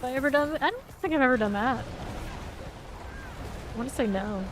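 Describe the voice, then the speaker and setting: A woman's voice: sits high, animated, a little fast, noisy background. A woman streamer chatting casually while playing a game live, rambling and laughing often.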